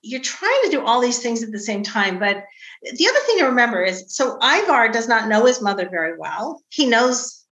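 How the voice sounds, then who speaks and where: A middle-aged woman novelist talking casually about writing her book, telling stories about her family with animated quoted voices. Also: on the high side, moderate pace, echoey room, highs cut off. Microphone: video call.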